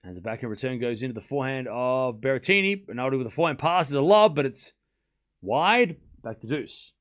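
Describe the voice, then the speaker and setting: A young man hosting a live tennis stream. He calls each shot in quick bursts and chats casually with his viewers between points. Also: mid-range voice, a bit bright. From Australia. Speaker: stream host and tennis commentator.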